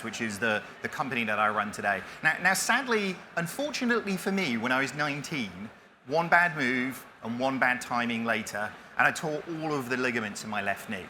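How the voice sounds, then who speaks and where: A man's voice: mid-range voice, bright, forceful tone, slight background noise. A man in his forties giving a self-deprecating conference talk, with many restarts as he tells his story. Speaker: keynote speaker. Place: conference stage.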